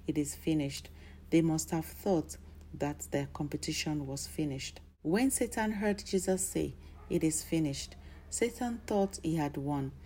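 A woman preaches a sermon with a low, mellow voice. Her delivery is declarative and steady, and it swells into emphatic bursts of emphasis. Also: measured pace, a little hiss or hum.

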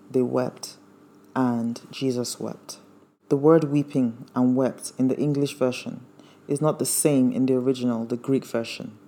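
A man's voice: mid-range voice, warm tone. A man preaching a sermon, earnest and emphatic, quoting scripture verse by verse.

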